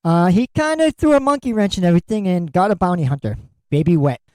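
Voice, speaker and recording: A man's voice: high voice, expressive, quick pace, darkish tone, dry recording, rough recording. A middle-aged man hosting a solo podcast, talking bluntly and candidly and swearing freely. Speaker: podcast host.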